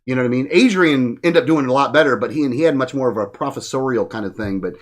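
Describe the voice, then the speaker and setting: A man's voice: medium pitch, fast. A man speaking as a podcast guest in a studio, ranting bluntly in casual talk full of profanity. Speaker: guest, political activist.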